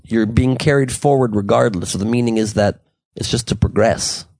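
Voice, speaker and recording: Podcast host, male, gravelly voice, dry close sound, loose joking delivery. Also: medium pitch, a little mellow, dry recording. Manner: joking, rambling, quick banter. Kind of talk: casual podcast chat.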